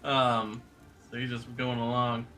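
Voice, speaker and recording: A man's voice: medium pitch, completely flat delivery, unhurried, sharp tone, distant mic, slight background noise. A man joking around as a player in a tabletop game. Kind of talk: casual chat while playing a tabletop game.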